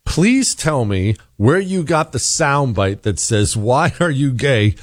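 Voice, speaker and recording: A man's voice: medium pitch, lively intonation, slow pace, no room sound, studio quality. A man hosting a talk radio show, delivering an emphatic monologue full of rhetorical questions.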